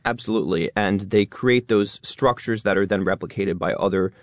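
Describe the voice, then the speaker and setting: A young man in his twenties or thirties, a content creator talking fast as an interview guest and stressing many words. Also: fairly low pitch, dry recording, clean studio sound. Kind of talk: interview conversation.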